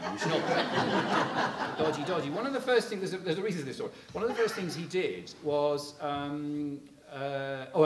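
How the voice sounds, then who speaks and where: Man telling rambling stories in an echoey room. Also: on the high side. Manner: rambling and chatty, full of fillers like "you know, kind of thing"; chuckles while telling stories. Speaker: speaker addressing a local audience. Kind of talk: anecdotal public talk. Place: room with a live audience. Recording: echoey room, faint noise.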